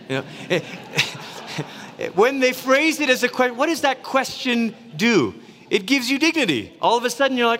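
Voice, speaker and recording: A man from Malaysia preaching a sermon in a lively, conversational way, acting out quotes as he goes. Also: very high voice, moderate pace, big-room sound, a little hiss or hum. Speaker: pastor.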